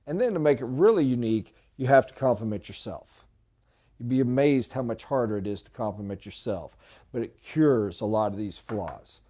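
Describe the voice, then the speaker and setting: A man's voice: medium pitch, animated, normal speed, mellow. A middle-aged man giving an emphatic, preachy motivational talk as a sales trainer in a training room.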